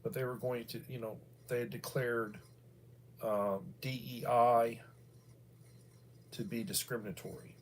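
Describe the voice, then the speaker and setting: A man's voice: mid-range voice, fairly even intonation, unhurried, pauses often, slight background noise. Rambling middle-aged American man. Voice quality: bald. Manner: meandering, many fillers and restarts. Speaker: livestream host. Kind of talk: casual rambling commentary.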